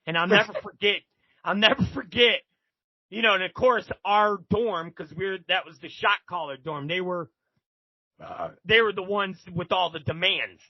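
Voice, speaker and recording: A man's voice: high voice, normal speed, no room sound, muffled recording. A man as a podcast guest, telling rambling, profane stories with many restarts. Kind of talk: casual storytelling.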